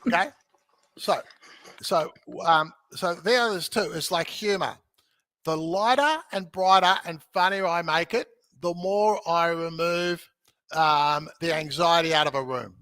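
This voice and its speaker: High bright guy, guest on a podcast, jokey and upbeat, keeps saying okay?, dry close sound. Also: measured pace, no echo. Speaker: podcast guest, real estate educator. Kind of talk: animated teaching in conversation.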